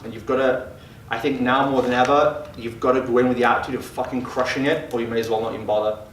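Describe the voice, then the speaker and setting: Here the gym-owner mastermind leader talks fast in a steady, mid-range voice, still brash and profane. A distant microphone gives the recording a roomy feel, with a little background noise.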